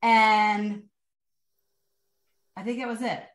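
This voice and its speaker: A woman's voice: medium pitch, steady tone, takes it slowly. A woman hosting a podcast interview, joking and steering the questions in a casual way. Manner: friendly, joking, leading questions. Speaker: podcast host. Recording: roomy echo.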